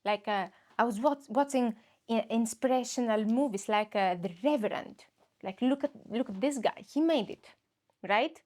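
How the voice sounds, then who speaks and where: A young woman from Greece delivers a comic podcast monologue in English. Her voice sits a little high. She rambles, mocks herself and laughs through her own stories. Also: moderate pace, darkish tone. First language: Greek. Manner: rambling, self-mocking, breaks into laughs. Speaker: comedian podcast host. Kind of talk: comedic monologue.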